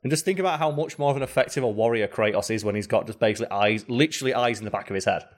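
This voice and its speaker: A man co-hosting a podcast in casual chat, animated and quick, with loose restarts. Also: mid-range voice. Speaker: podcast co-host.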